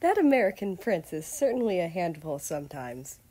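A woman's voice: lowish voice, big pitch swings, normal speed, warm tone. A woman voicing a nonchalant teasing young nobleman. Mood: amused. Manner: nonchalant and smirking.

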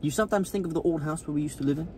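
A man's voice: on the high side, very fast, dark tone, slight background noise. A young man vlogging from inside a car, chatting casually and swearing now and then.

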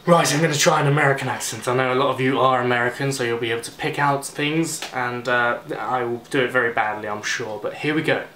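A man's voice: mid-range voice, fairly even intonation, fast, hardly any pauses, pushed and bright, reverberant, a little hiss or hum. A young man, chatting casually and self-deprecatingly in a rambling vlog. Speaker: vlogger.

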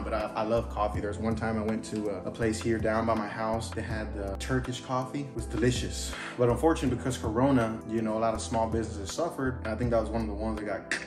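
A man's voice: mid-range voice, steady tone, quick pace, few pauses. A man rambling casually through a home coffee-making vlog in his kitchen. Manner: rambling, chatty, self-interrupting. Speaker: vlogger. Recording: echoey room with music playing.

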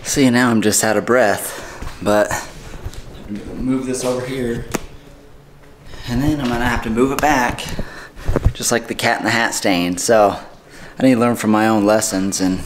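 A man's voice: medium pitch, a little slow, long pauses, noisy background. A man in a home garage, chatting casually and thinking aloud as he works on a project. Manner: relaxed, chatty, thinking aloud while working. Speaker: DIY vlogger.

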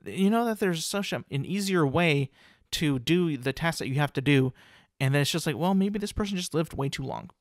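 A man talking on his own in an easygoing podcast monologue, his voice sitting a little higher than most men's. He rambles, restarts sentences and swears offhand, and the recording is close and dry with little room sound. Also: animated, moderate pace, no echo. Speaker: podcast host. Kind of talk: casual solo podcast monologue.

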